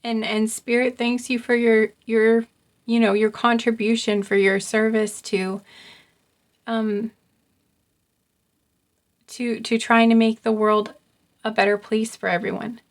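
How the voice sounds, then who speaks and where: Halting soft-spoken woman card reader. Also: fairly high pitch, level tone. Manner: soft, halting, repeats herself, many ums. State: getting choked up. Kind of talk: intuitive pick-a-card reading.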